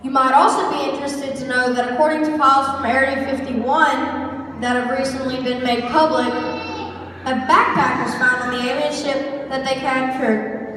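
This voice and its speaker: A woman's voice: high voice, fairly bright tone, slight background noise. A woman playing a pompous, self-important male announcer in an amateur stage skit, speaking in a mock-authoritative tone, heard from far off in an echoey hall.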